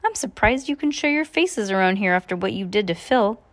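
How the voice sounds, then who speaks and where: Mom doing a resentful mill worker, pitched up high, accusing, storybook. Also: female voice, expressive, fairly quick, no room sound, lightly acted.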